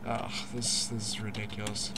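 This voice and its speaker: A young man hosting a casual gameplay commentary, excitable, swearing often, laughing and stammering through restarts. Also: lowish voice, normal speed, very noisy. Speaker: gaming channel host.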